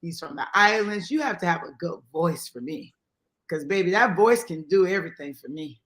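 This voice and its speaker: A woman guest in casual chat with a raspy voice, brash and swearing freely, laughing loudly. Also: lowish voice, expressive, normal speed.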